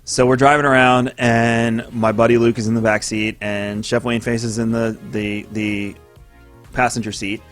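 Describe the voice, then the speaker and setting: A man's voice: mid-range voice, level tone, moderate pace, fairly bright tone, soft background music. A man casually telling a story as podcast co-host, acting out the other voices and swearing freely.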